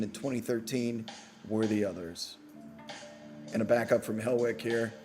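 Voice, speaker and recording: A man's voice: mid-range voice, darkish tone. A man hosting a casual live postgame show, bantering playfully with his audience and teasing himself. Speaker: podcast host.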